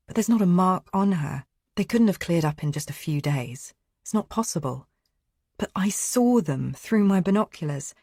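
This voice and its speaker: A woman narrates in first person with an anxious, tense edge. Her voice is low and sits close and dry. The telling is steady and unhurried. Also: no echo. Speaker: audiobook narrator.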